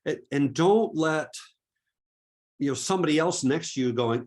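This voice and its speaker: A man's voice: a little high, moderate pace, pauses often, darkish tone. A middle-aged man presenting a photography webinar, talking in an earnest, encouraging way with many rhetorical questions and repeated words. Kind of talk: webinar talk.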